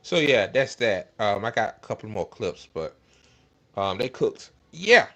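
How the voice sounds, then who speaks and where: A man's voice: on the low side, unhurried, a bit bright, faint music behind. A man hosting a casual political commentary stream, ranting in a profane, exasperated way. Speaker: host.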